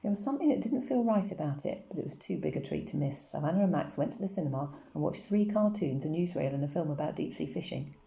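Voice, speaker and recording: A woman reads a novel aloud in a steady, even storytelling manner. Her voice is low and dark with a gravelly edge. The recording carries a roomy echo. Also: quick pace, hardly any pauses. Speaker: audiobook reader.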